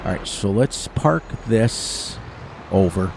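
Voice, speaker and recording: A man's voice: lowish voice, animated, slow pace, gravelly, background noise. A man in his sixties from the eastern United States, chatting casually and rambling while playing a farming game, often laughing at his own jokes. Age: 60s. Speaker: gaming streamer. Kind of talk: casual gameplay commentary.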